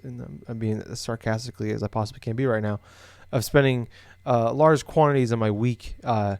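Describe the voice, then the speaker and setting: A man's voice: medium pitch, steady tone, brisk, gravelly, hardly any pauses, darkish tone, no room sound. A young man from Iowa co-hosting a casual podcast, rambling with lots of fillers and restarts. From Des Moines, Iowa. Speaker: podcast co-host. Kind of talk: casual chat.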